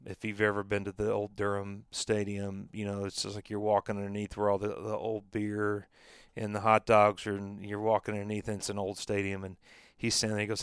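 A man who once pitched professionally, telling a long story in a relaxed interview, rambling with restarts and acting out old conversations. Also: clean tone, no echo, studio quality. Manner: rambling, frequent restarts and fillers, acts out dialogue. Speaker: former baseball pitcher, guest.

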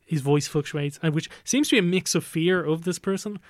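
A young man chatting casually about films on a podcast, animated and laughing often. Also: fairly high pitch, a little fast, no echo, studio quality. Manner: animated, laughs often, acts out movie lines. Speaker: podcast co-host. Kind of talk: casual film podcast chat.

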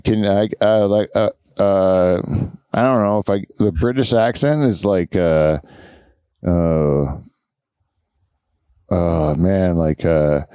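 A man's voice: low voice, steady tone, extremely slow, pauses often, dark tone, clear, resonant tone, no echo, clean studio sound. A man co-hosting a comedy podcast, chatting casually and rambling with lots of fillers and laughter. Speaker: podcast co-host. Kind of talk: casual chat.

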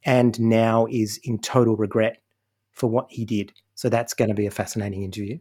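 Joking man with a husky voice. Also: fairly low pitch, brisk. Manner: joking, animated, sweary. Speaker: podcast co-host. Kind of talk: casual chat.

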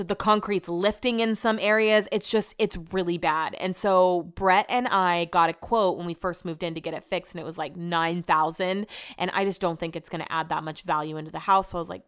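A young woman hosting a podcast, telling home stories in a casual, chatty way, swearing freely and acting out quotes in a higher voice. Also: a bit bright, clear, resonant tone. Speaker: podcast host. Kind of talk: casual storytelling chat.

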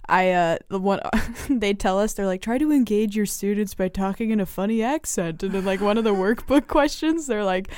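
A woman co-host tells stories in a relaxed podcast chat, laughing as she goes. The sound is close and dry. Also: medium pitch, moderate pace, hardly any pauses, clean tone, dry recording. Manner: animated storyteller, laughs through anecdotes.

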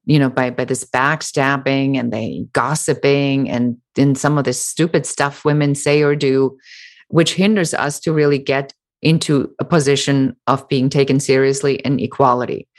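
Woman, low pitch, middle-aged, emphatic, interview guest. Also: moderate pace. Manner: animated, emphatic, sarcastic mimicry. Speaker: author and business founder. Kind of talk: interview answer.

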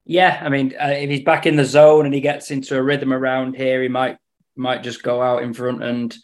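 A man talking through horse racing picks in a relaxed podcast chat. He speaks at a middling pitch and often doubles back on his words. His humour stays dry throughout. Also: moderate pace. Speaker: racing tipster on betting podcast.

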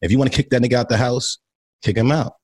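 A man co-hosting a podcast in loose, joking, profane casual chat, with a husky voice. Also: mid-range voice, fairly even intonation, quick pace, a little mellow. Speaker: podcast co-host.

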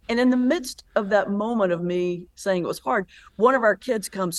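Animated storytelling woman pastor. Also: medium pitch, normal speed, few pauses. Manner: animated storyteller, lively retelling with laughs. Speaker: pastor and comedian, guest. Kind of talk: conversational interview.

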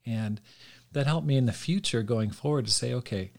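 A man's voice: medium pitch, moderate pace, vocal fry. A middle-aged man and podcast host, chatting casually and telling a marriage story, acting out quotes with laughs.

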